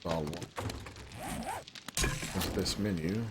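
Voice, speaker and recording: A man's voice: deep voice, fairly even intonation, slow pace, very noisy. A man from Tennessee, rambling and joking as he comments on his gameplay. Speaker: let's play host. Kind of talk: casual game commentary.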